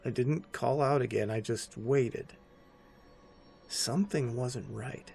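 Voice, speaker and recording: A man narrating a scripted horror story in a slow, hushed and somber way. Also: mid-range voice, gravelly.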